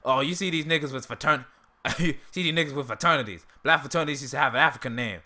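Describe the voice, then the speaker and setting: A man's voice: on the high side, fast talker, bright, forceful tone, pitched above the performer's own voice. A man doing an impression of Uncle Ruckus, a bigoted old cartoon man, in a strained, emphatic, preachy ranting voice. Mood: mocking.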